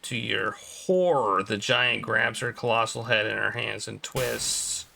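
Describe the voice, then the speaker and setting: A man streaming a game, reading its text aloud in a flat storytelling tone and breaking off into playful asides. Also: on the low side, unhurried, creaky, a little hiss or hum. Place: home streaming setup.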